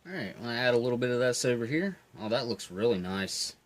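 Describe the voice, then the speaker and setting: Man, mid-pitch voice, easygoing food reviewer tasting and describing flavors with enthusiasm. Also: quick pace. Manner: relaxed, enthusiastic tasting commentary.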